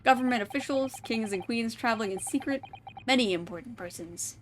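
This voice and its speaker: Woman doing a gruff, curt sailor guard. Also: a little high, fairly quick, a little hiss or hum, close to an everyday voice. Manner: broken clipped English, curt. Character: gruff male sailor guard, blunt and scornful.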